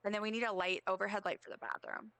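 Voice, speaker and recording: Chatty streamer woman with a bright, crisp voice. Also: mid-range voice, steady tone, fast, no room sound. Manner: chatty, rambling, self-mocking asides. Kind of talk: casual live-stream chat while gaming.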